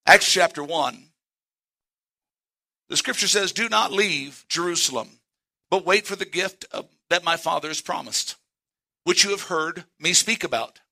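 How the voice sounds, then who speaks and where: A male pastor, preaching a sermon in church and quoting scripture with slow, emphatic stresses. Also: sits high, creaky, bright, forceful tone.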